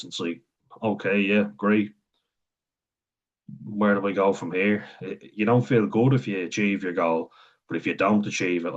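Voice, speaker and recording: A young man with a Wexford Irish accent talks straight to camera in a deep, low voice, rambling and candid. He swears freely and chuckles between thoughts. The sound is dull and lo-fi. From Ireland. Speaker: vlogger. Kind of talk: candid personal monologue.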